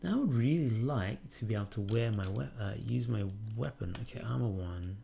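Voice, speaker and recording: A man's voice: mid-range voice, expressive, brisk, creaky, mellow. A man hosting a let's play, casually commenting on a game and reading its prompts aloud with wry musing.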